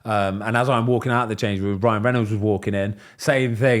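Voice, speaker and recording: A man, hosting a podcast and chatting casually, telling stories in a lively way and acting out what people said. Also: lowish voice, a little fast. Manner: animated storyteller, voices quoted people. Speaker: podcast host. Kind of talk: casual chat.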